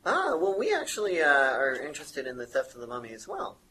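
A man's voice: a little high, wildly swooping pitch, fairly quick, bright, forceful tone. A man in playful, friendly in-character talk during a tabletop role-playing game. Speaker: tabletop player. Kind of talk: casual in-character role-play.

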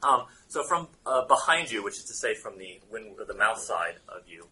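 A man running a tabletop game as game master, narrating in a halting way with many restarts. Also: lowish voice, sing-song, bright, forceful tone, poor audio. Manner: halting, full of fillers and restarts.

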